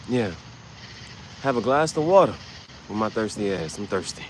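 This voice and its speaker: A man hosting a livestream, giving casual, rambling, slangy commentary with sudden loud, excited bursts. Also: on the low side, moderate pace, long pauses, background noise. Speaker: livestream host.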